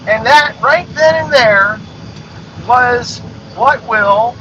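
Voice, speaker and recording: A man's voice: very high voice, drawn-out words, pushed and bright. A man ranting bluntly in a monologue, swearing and repeating himself. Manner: blunt, profane, repetitive. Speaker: podcast host. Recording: dull lo-fi sound with noise.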